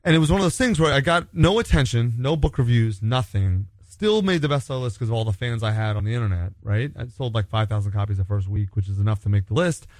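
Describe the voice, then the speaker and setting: A man from the United States, an author guest telling stories in a relaxed, rambling interview chat. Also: medium pitch, quick pace, few pauses, no echo. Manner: rambling, self-assured storytelling. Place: home studio.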